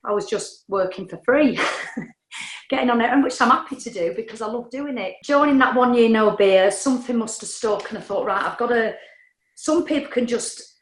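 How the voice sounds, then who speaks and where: A woman's voice: fairly high pitch, fairly quick. A middle-aged woman, a podcast guest telling her story in a frank, chatty way and swearing casually. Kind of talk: candid storytelling. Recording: echoey room.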